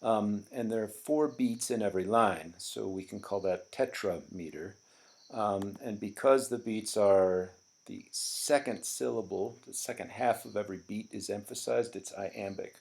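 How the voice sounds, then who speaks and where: Slow, gravelly-voiced male teacher. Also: fairly low pitch, a little mellow. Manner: explanatory, with frequent ums and restarts. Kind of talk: classroom poetry lecture.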